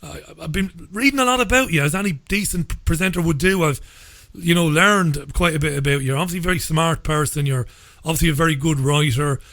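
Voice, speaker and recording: A man hosting a radio interview, speaking in a measured way and often repeating his first words. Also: a little high, fairly bright tone, no echo. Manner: measured, repeats words when starting a sentence. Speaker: radio show host.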